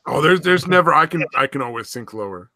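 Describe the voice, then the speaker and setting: A man's voice: on the high side, lively intonation, fast talker, pushed and bright, no echo, studio quality. A man hosting a livestream, bantering casually with profane, self-mocking jokes and frequent laughter. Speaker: stream host.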